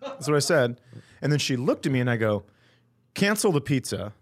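A man's voice: medium pitch, animated, fast. A man hosting a podcast, telling a comic story in a profane, indignant way. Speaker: podcast host. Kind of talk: comedic storytelling chat.

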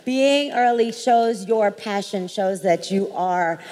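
A woman on a live panel, a makeup artist telling an anecdote in an animated, laughing way. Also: medium pitch, slow pace. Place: large event hall with audience. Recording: echoey hall, light background noise.

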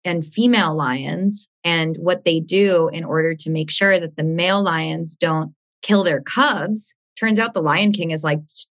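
A woman's voice: lowish voice, measured pace. Gushing, laughing woman podcast host. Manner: gushing, laughs often, rambling. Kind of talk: casual interview chat.

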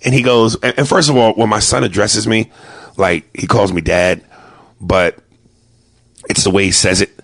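Gravelly, husky New York comedian. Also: male voice, fairly low pitch, steady tone, dry recording. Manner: loud, profane, acts out family members in quick voices. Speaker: stand-up comedian. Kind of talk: stand-up storytelling.

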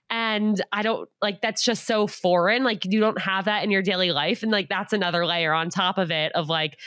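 Chatty woman host, bright voice. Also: medium pitch, steady tone, normal speed, hardly any pauses, no room sound, studio quality. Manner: chatty, uses 'like' a lot. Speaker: podcast host. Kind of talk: casual chat.

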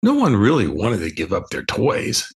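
An older man, the author, reading his children's book aloud as a slow, expressive bedtime story. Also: lowish voice, creaky.

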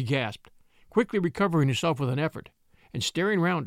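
Expressive male audiobook narrator. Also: a little high, a little fast, creaky, dry recording, studio quality. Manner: expressive storytelling.

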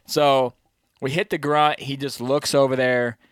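A man telling a hunting story in casual slang, animated, often adding "you know what I mean" and acting out the deer's thoughts. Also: mid-range voice, a little slow, smooth, no room sound, clean studio sound. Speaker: bowhunter recounting a hunt. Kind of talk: casual chat.

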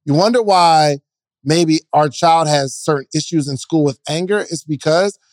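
Young man telling a relaxed story. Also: a little high, moderate pace, no echo. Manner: relaxed storytelling, slangy and animated. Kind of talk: casual podcast chat.

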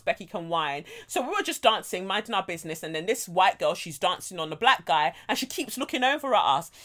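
A young woman, co-hosting a chat show and telling stories in an animated, slangy, frank way with plenty of laughter. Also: mid-range voice. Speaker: podcast co-host. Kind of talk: casual chat, storytelling.

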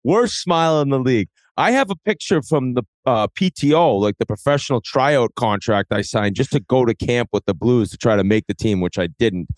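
Brash, self-mocking ex-hockey player. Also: male voice, mid-range voice, animated, fairly quick, hardly any pauses, dry recording. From Scituate, Massachusetts. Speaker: podcast guest, former hockey player. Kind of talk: casual podcast chat.

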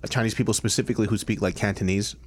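A man's voice: on the low side, fairly even intonation, racing. A man co-hosting a casual podcast over food, joking and self-mocking as he talks. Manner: joking, self-mocking, bursts into loud laughter. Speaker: podcast co-host.

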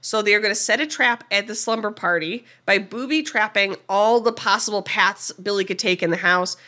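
A woman's voice: mid-range voice, normal speed, pushed and bright. A woman casually recapping a movie plot as a podcast co-host, acting out the characters' lines.

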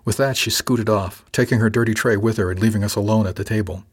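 Calm man reading an audiobook, husky voice. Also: fairly low pitch, fast. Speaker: narrator. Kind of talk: first-person audiobook narration.

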